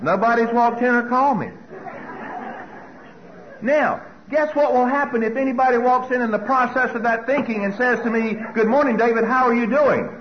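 A man's voice: extremely high pitch, normal speed, muffled recording, some chatter behind, slight background noise. A man speaking to an audience, telling personal stories and acting out his own anxious thoughts. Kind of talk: storytelling talk to an audience.

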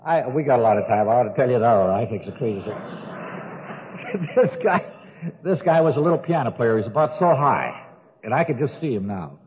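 A man's voice: mid-range voice, very animated, normal speed, pauses often, a little hiss or hum. An older man telling jokes and his drinking story in a folksy way, laughing at his own stories. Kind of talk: recovery talk with jokes. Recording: tinny old recording with long hall reverb.

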